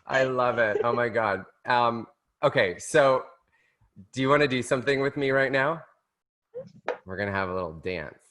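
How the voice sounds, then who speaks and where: A man's voice: mid-range voice, moderate pace, pauses often, a bit bright. A man hosting a podcast, speaking affectionately and gushing with praise to his guest, laughing often. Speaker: podcast host. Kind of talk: casual heartfelt interview.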